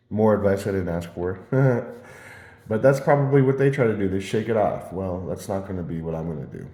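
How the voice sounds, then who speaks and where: A man rambling through personal stories in a casual monologue, halting and repeating words as he restarts his sentences. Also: fairly low pitch, mellow. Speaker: vlogger. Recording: roomy echo.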